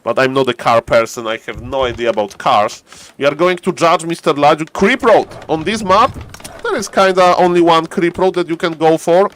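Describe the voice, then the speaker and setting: A man with a non-native English accent giving casual, joking live-stream commentary on a strategy game, getting loud and excited at key plays. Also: a little high, moderate pace, a little hiss or hum. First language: not English. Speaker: game caster.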